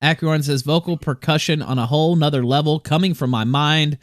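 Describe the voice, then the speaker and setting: A man's voice: fairly high pitch, fairly even intonation, a little fast, no echo, clean studio sound. A man hosting a livestream, talking casually, reading chat messages aloud and often breaking into chuckles. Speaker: livestream host.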